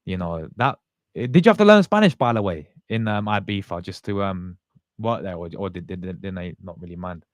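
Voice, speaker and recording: A man with a fairly low voice talks casually to his livestream viewers. He rambles in a loose, slangy way, often restarting his sentences. The sound is dry and close, with no room echo. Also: expressive, brisk. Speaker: fan channel host.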